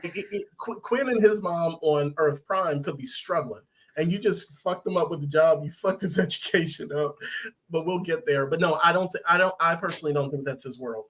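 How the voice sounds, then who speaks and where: A man's voice: fairly high pitch, brisk, fairly bright tone. A man hosting a podcast, casually recapping a TV episode, rambling and acting out lines. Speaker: podcast host. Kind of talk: casual review chat.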